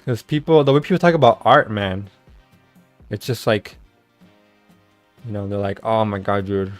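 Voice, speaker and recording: A man's voice: mid-range voice, expressive, moderate pace, no echo, faint music behind. A man ranting in casual chat, rambling with many stammered restarts and casual swearing. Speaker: streamer. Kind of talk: casual rant.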